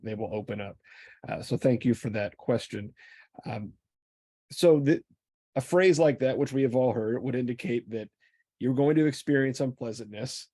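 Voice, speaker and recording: A man hosts the conversation in a measured voice and reads out audience questions. His tone is mellow, and he is heard on a video call with a dry, close sound. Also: mid-range voice, vocal fry, slightly rough, no echo. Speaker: webinar host and chaplain. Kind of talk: moderating a conversation.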